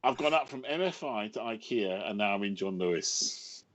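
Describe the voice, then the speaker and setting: A man in his fifties from England, a writer talking as a podcast guest, telling wry, self-mocking stories in an animated way. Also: on the low side, normal speed, a little hiss or hum. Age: 50s. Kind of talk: casual podcast chat.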